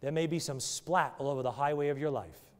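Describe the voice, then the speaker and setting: A man's voice: on the high side, brisk, a little hiss or hum. A man preaching a sermon and leading an altar call in a church, driving his points with emphatic, repeated rhetorical questions. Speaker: pastor. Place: church sanctuary. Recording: long church hall reverb.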